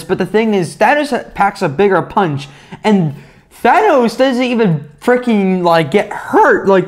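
A young man giving a casual, rambling movie review, excitable and swearing, with lots of fillers. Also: high-pitched.

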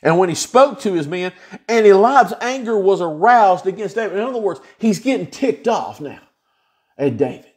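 A male pastor leads an informal Bible study, paraphrasing scripture in a folksy, everyday manner. His voice sits fairly high for a man and swoops up and down with lively expression. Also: moderate pace. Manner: folksy, animated retelling with plain-spoken paraphrases.

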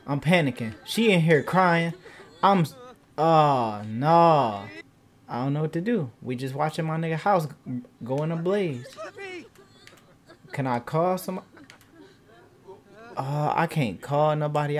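A young man talks through a game in easy, slangy let's-play commentary. His voice is lively and bounces around a lot, and he often breaks into loud, excited shouting. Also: a little high, unhurried, long pauses, a little hiss or hum. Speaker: gaming channel host.

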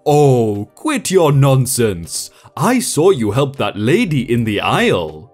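A woman's voice: extremely low pitch, sing-song, slow, darkish tone, slightly rough, faint music behind, heavily acted. A man voicing a pushy, entitled old woman shopper who talks down to people in a put-on foreign accent. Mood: scornful.

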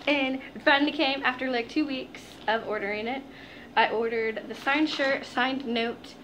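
A woman's voice: high-pitched, normal speed, a bit bright, a little hiss or hum. A young woman chatting to her viewers in a casual unboxing vlog, gushing and giggling, calling them "guys". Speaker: vlogger.

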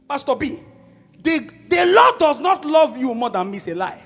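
A middle-aged Nigerian man delivers a loud, emphatic sermon in a strikingly high voice. His pitch leaps and dips as he repeats phrases for weight, with faint music under him. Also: sing-song, normal speed. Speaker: preacher.

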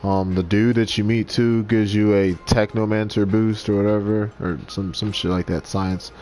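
A man's voice: fairly low pitch, level tone, normal speed, a little mellow. A man giving playful let's play commentary, joking and talking to his pets while he games. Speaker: game streamer.

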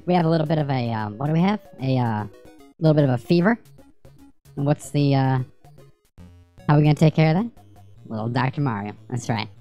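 A woman's voice: extremely low pitch, expressive, fairly quick, long pauses, mellow, muffled recording, faint music behind. A woman streaming a retro game, rambling, swearing and joking with her chat as she plays. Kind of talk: casual livestream gameplay commentary.

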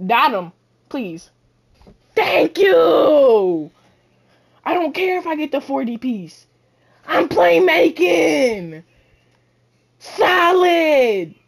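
High gravelly woman boasting over a game. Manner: boastful trash talk, shouting often. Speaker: gamer. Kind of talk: live gameplay commentary.

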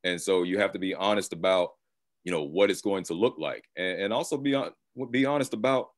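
A man moderating a panel discussion over a video call, relaxed and conversational. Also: deep voice, a little fast. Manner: relaxed and conversational, with occasional laughs.

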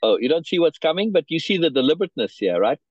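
A man's voice: a little high, sing-song, rapid-fire, slightly rough, no room sound, lo-fi sound. A man reading a story aloud and explaining it to a learner, checking in often and restarting his phrases. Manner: restarts and repeats words. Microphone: video call.

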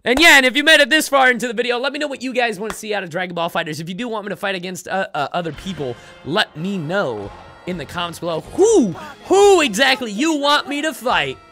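A young man giving excited gameplay commentary, yelling and trash-talking his opponent as he plays a fighting game. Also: sits high, fast, faint music behind. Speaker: gaming YouTuber playing a fighting game.

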